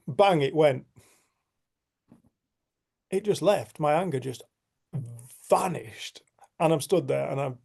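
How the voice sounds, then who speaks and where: A middle-aged man, gravelly and mellow, recounting a story casually to a group over a video call. He talks in a lively way, laughs often and slips into the voices of the people in his tale. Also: fairly high pitch, slow pace, long pauses. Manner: animated, acts out quotes, laughs often. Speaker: group facilitator.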